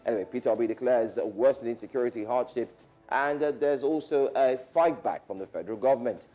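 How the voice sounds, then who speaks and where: A man's voice: medium pitch, a little fast, warm tone, faint music behind. A man hosting a morning TV news show, reading headlines with casual asides to viewers. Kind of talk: TV news presenting.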